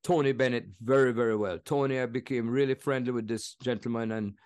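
A man in his seventies with a Jamaican accent, telling stories in an animated, laughing way as an interview guest. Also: medium pitch, brisk. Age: 70s. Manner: animated, laughing, slips into impressions. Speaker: guest musician. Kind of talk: conversational storytelling interview.

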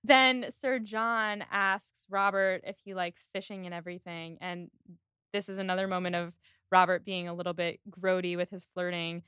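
A chatty woman hosts a podcast, her voice bright and clear. She recaps scenes in a casual flow, sometimes slipping into quoted lines. The sound is dry and close, with no room behind it. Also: on the low side, little pitch movement, moderate pace, no echo. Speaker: podcast host. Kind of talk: casual chat recapping a period drama.

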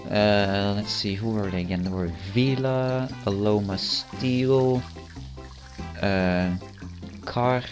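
A teenage boy with a lowish voice rambles through casual gameplay commentary, amused at his own jokes. He stumbles over fillers and restarts his sentences as he goes. Game music plays faintly behind him. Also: takes it slowly. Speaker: channel host.

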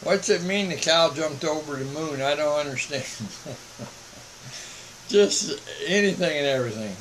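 A man's voice: on the high side, expressive, fairly bright tone, slight background noise, rough recording. A man, a missionary broadcasting a casual monologue from home and checking in with "all right?". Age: 70s. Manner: slow, folksy, repeats "all right?".

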